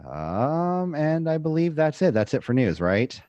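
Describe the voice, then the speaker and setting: A man's voice: fairly high pitch, big pitch swings, unhurried, a little mellow, no room sound, dull audio. A man hosting a podcast, chatting casually and recapping wrestling events in a chatty, easily amused way. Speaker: podcast host.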